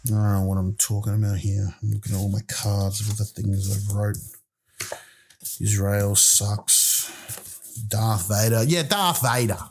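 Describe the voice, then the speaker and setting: A man's voice: fairly low pitch, a little slow, a little hiss or hum. A man, a comedian hosting a podcast, delivering a rambling comic monologue full of profane, exasperated rants.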